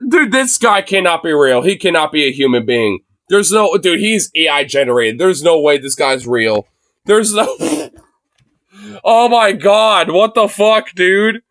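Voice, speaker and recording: A man doing profane, excitable live reaction commentary as a streamer, laughing and often shouting. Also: high voice, measured pace.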